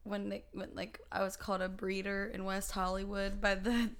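A woman guest on a podcast, chiming in with wry, dark asides and frequent laughter in casual chat. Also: medium pitch, monotone, moderate pace. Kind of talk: casual movie-review chat.

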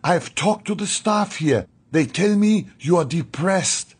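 A man voicing a devout young woman training as a nurse, who speaks in an insistent, pleading, slow and deliberate manner. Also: high-pitched, expressive, husky, pitched above the performer's own voice, heavily acted. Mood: friendly. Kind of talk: audiobook character voice.

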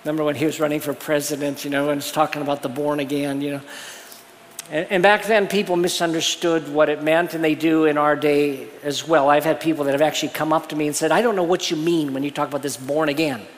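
A man's voice: a little high, fairly even intonation, quick pace. A man preaching a sermon as pastor, earnest and explanatory, often restarting his phrases. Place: church sanctuary. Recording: long reverb of a church hall.

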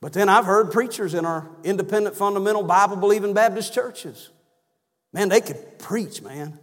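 A preacher with a high voice delivers a sermon in a church, and long reverb trails his words. He swings between loud, emphatic cries and low, soft asides. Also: normal speed. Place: church sanctuary.

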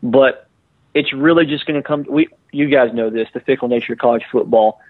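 A man guest analyzing college football in relaxed chat, often restarting his sentences. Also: medium pitch, a little fast, dry recording. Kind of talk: casual sports analysis. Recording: tinny phone line.

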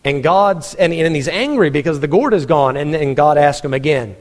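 A man's voice: fairly high pitch, moderate pace, in a large hall. A man preaching a sermon, telling a story with humor and acting out the people he quotes, often chuckling.

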